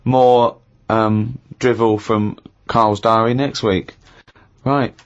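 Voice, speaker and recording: A man's voice: fairly low pitch, flat delivery, takes it slowly. Impatient, blunt podcast host man. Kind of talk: casual comic chat. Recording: muffled podcast recording.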